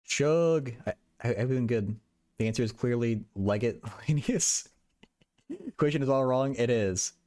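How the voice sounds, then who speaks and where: A man's voice: mid-range voice, measured pace, darkish tone. A young man livestreaming while he does math homework, chatting casually and often stammering and repeating words.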